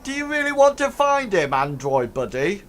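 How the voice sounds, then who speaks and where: A man's voice: high voice, sing-song, normal speed, fairly bright tone, voice pushed up. A man voicing a rowdy gang of crude, mocking ruffians in a tabletop game. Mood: jeering.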